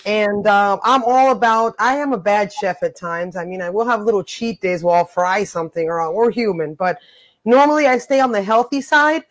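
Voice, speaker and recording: A woman's voice: mid-range voice, normal speed. A woman from Florida, a cooking guest, introducing herself in a chatty, giggly way. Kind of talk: casual self-introduction.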